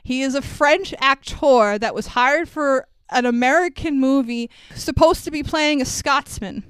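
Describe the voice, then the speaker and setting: A woman hosting a casual movie review podcast, animated and laughing often, swearing freely. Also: sits high, a little slow, dry recording. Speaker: podcast host.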